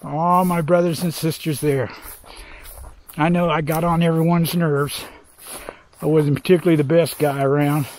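On a hiking trail outdoors, an older man records a vlog in a fairly high voice, with a slight hiss or hum in the audio. His talk is a heartfelt, rambling reflection, and he seems to be fighting back tears.

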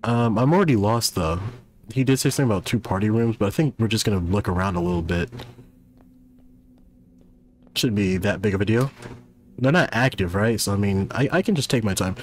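A man's voice: fairly low pitch, a little fast, long pauses, slight background noise. A man casually commenting while playing a horror game, chatty and self-deprecating with rambling asides, into a desk microphone. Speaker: gaming youtuber. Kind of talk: casual let's-play commentary. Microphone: desk microphone at a gaming setup.

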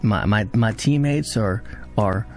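A man giving casual, excitable commentary while reacting to an anime episode, swearing freely, his voice jumping high when he is shocked. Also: takes it slowly, soft background music.

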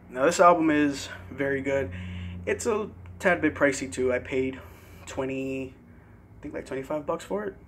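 A young man casually showing his CD collection in a vlog, relaxed and a bit hesitant, pausing over tricky words. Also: medium pitch, a little hiss or hum. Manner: relaxed, hesitant with fillers and careful pronunciation. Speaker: vlogger. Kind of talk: casual CD collection show-and-tell.

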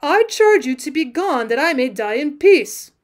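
A woman reading as a calm dying old hunter. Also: high voice, normal speed, voice pushed up. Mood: solemn. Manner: solemn, pleading, archaic speech.

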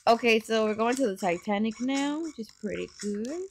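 A woman giving casual gameplay commentary on her phone, excitable and full of gasps and exclamations. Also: fairly high pitch, normal speed, slight background noise. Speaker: gaming channel host. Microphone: phone microphone while screen recording.

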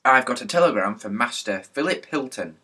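A man's voice: mid-range voice, expressive, brisk, bright, forceful tone, slightly rough. A man reading aloud, voicing a meek, polite telegraph boy who keeps apologizing. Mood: apologetic.

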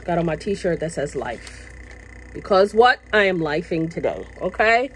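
A woman's voice: fairly low pitch, very animated, unhurried, a little hiss or hum, poor audio. A woman vlogging casually from her workplace, chatty and passionate, repeating herself and tagging her lines with "okay?". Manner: passionate, now and then gets loud. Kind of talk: casual chat to camera. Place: at work, indoors.

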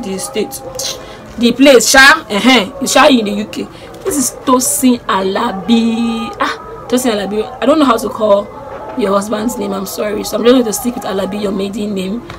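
A young Nigerian woman with a Nigerian accent, chatting excitedly on her vlog and repeating herself as she gushes about people she admires. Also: medium pitch. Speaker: YouTuber. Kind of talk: casual vlog chat.

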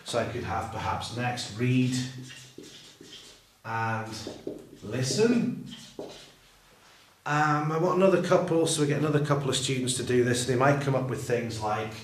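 A man explaining how he teaches English verb tenses, talking slowly and deliberately and drawing out his example phrases. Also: mid-range voice, expressive. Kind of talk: teacher training walkthrough. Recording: roomy echo, voice far from the mic.

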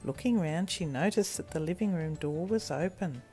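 A woman reading a children's storybook aloud in a gentle, expressive way. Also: sits low, moderate pace, soft background music.

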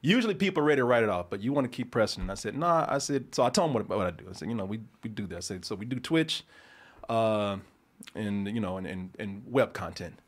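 In a lowish voice at a fast clip, a man on a casual talk show tells a story as its podcast host. He keeps starting over, curses often, and animatedly voices both people in the exchange.

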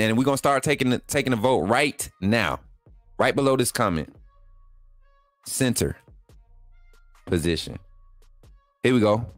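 A man hosts a live sports stream, chatting loosely with his viewers and often repeating a phrase. His voice sits at a middle pitch and sounds close and dry, with faint music underneath. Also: a bit bright, no echo. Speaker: sports channel host.

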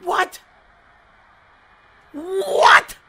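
A man doing casual, slangy commentary over a football video game, muttering low one moment and shouting with excitement the next. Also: extremely slow, vocal fry. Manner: casual slangy trash talk. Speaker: gaming channel host. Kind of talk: live gameplay commentary.

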